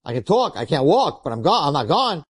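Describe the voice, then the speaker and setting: A man's voice: fairly high pitch, big pitch swings, brisk, husky, no room sound. A man voicing a cocky teenage athlete who has just died, insisting and pleading to be heard. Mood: insistent. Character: cocky teenage boy athlete, newly dead, bewildered. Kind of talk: storytelling sermon.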